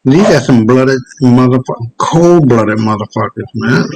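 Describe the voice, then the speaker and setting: A man hosting his own show, ranting in casual commentary, profane and heated, pausing often to search for clips. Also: medium pitch, expressive, a little mellow, a little hiss or hum, rough recording. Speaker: host.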